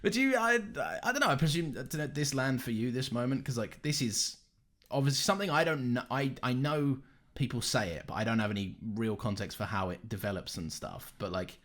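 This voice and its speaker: A man's voice: mid-range voice, expressive, a little fast, fairly bright tone. A man co-hosting a podcast, chatting casually, teasing and laughing often. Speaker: podcast co-host. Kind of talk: casual chat.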